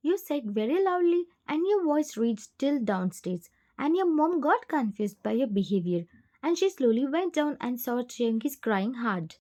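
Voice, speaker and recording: A woman narrating a fan fiction story in the second person with plain, steady reading. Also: high voice, measured pace.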